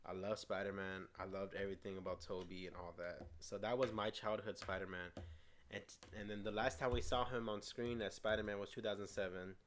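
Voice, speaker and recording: A man's voice: fairly low pitch, flat delivery, fairly quick, a little hiss or hum. A man co-hosting a casual movie review, eagerly retelling scenes and stumbling over his words. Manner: frequent restarts and stumbles. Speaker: co-host of a movie review show.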